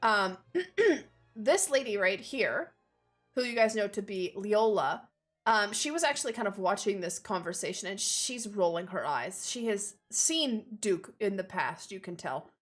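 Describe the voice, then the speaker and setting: A woman's voice: medium pitch, animated, unhurried, faint music behind. A young woman narrating a tabletop game as game master, talking casually with filler words.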